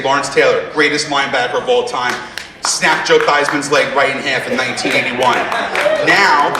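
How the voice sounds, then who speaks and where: Recorded from a distance in an echoey theater, a male stand-up comedian with a voice on the high side brashly teases the live audience with asides during his routine. The recording is very noisy, with laughter from the crowd.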